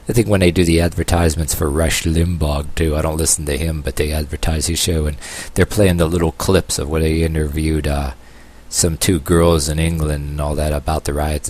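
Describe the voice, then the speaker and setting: A man from the United States talking in a rambling opinion video, halting with many fillers and restarts and dropping sarcastic asides. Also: very deep voice, darkish tone. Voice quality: long-haired, calls himself a hippie. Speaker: vlogger.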